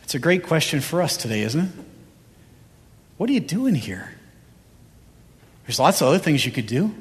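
A man's voice: fairly high pitch, very animated, normal speed. A male pastor preaching a sermon, driving his points home with repeated rhetorical questions. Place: church sanctuary. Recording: reverberant church hall.

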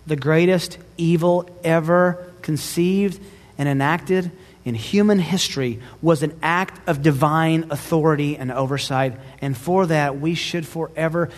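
A man's voice: a little high, measured pace. Emphatic male preacher in a reverberant hall. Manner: emphatic preaching, builds lists with rising force. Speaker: pastor. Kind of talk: sermon.

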